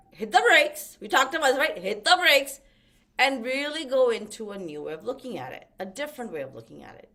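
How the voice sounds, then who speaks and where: A middle-aged woman life coach giving a motivational webinar talk, expressive, with lively swings in pitch and loudness.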